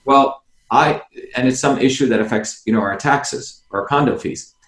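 A man's voice: mid-range voice, normal speed, a bit bright, roomy sound. A man guest on a video call, explaining insistently, asking rhetorical questions and addressing the host by name. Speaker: interview guest, former candidate.

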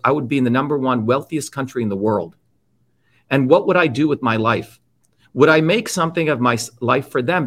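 A man's voice: a little high, a bit bright. A man in his fifties from India, telling his life story as an interview guest in an emphatic, blunt and profane way. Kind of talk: impassioned personal storytelling.

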